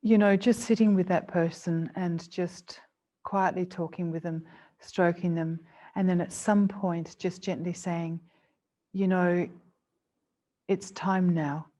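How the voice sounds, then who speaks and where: A female clinical psychologist gives a seminar to both an in-person and online audience, speaking earnestly and gently and repeating phrases to stress them. Her voice sits on the low side, with fairly even intonation and an unhurried pace. The webinar audio is dull and lo-fi.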